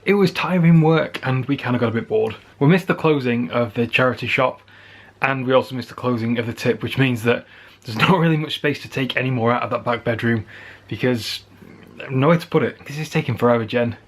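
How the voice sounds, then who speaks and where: A man's voice: mid-range voice, a little fast. A tired man from England chatting casually to the camera at home in a daily vlog, wry and self-teasing. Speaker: vlogger.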